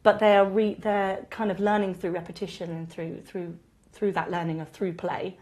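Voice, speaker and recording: A woman's voice: fairly low pitch, flat delivery, moderate pace, darkish tone. Eager woman theatre director. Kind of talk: interview answers.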